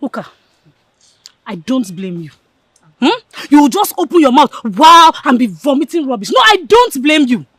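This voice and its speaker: A woman's voice: sits high, big pitch swings, moderate pace, a bit bright, no room sound, studio quality. A jealous, hot-tempered village woman. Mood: scornful. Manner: scornful, insulting, stammers when angry.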